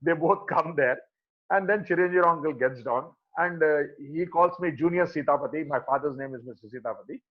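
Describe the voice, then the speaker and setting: Animated Telugu-accented Indian man storyteller. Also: a little high, brisk, phone-quality sound. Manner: animated, acts out the voices of people he quotes. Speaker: devotee sharing memories at a satsang. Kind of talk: storytelling talk.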